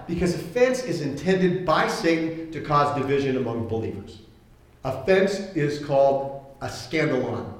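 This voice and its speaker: A male pastor delivering a sermon in a lively, conversational way, slipping into little acted-out voices as he makes his points. His voice sits a bit high for a man and rings out through a very echoey church hall. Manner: conversational, animated, acts out quoted voices.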